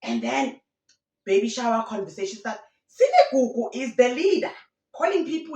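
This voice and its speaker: A woman tells gossip stories on her channel in a chatty, animated way, mixing in local slang. Her voice comes from a little way off the mic, in a room with a noticeable echo. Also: a little high, normal speed, vocal fry, distant mic. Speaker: YouTube commentator. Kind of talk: casual gossip commentary. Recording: roomy sound from away from the mic.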